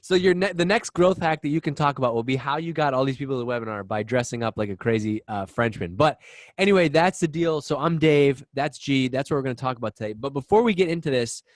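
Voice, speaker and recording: A man hosting a live webinar over a video call, talking fast and excitedly with lots of restarts. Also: mid-range voice, no room sound. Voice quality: excitable, rapid, restarts often. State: out of breath. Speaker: webinar host. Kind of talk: energetic live webinar chat. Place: office in Boston.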